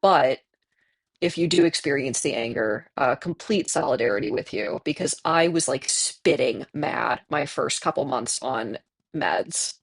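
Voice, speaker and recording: A streamer in their twenties, hoarse from tonsillitis, chatting candidly with viewers and laughing often while playing a game. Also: mid-range voice, a little slow, no echo. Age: 20s. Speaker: livestreamer reading chat.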